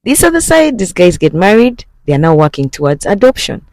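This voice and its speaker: Animated man retelling a movie plot. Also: sits high, fairly quick, no room sound. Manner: animated, speaks straight to viewers. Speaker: movie recap host. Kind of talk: casual story retelling.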